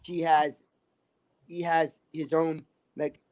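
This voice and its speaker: A man's voice: fairly high pitch, level tone, slow pace, a little mellow. A man telling a rambling story in casual chat, restarting phrases and filling with "like". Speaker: livestream guest.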